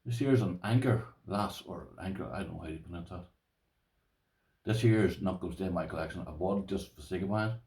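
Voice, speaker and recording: A man's voice: low-pitched, fast talker, darkish tone, reverberant, far from the mic. An Irish man with a rambling, chatty manner, showing his lock collection to viewers and calling them "boys". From Ireland. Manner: rambling, talks to viewers as "boys", uses "this here". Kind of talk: casual show-and-tell to camera.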